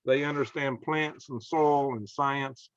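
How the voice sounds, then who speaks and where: A man with a Southern American accent talks in a folksy, emphatic way as host of a casual conversation. His voice sits at an ordinary pitch. The sound is dry, close and slightly muffled. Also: fairly even intonation, takes it slowly, no room sound. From Southern United States. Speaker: podcast host.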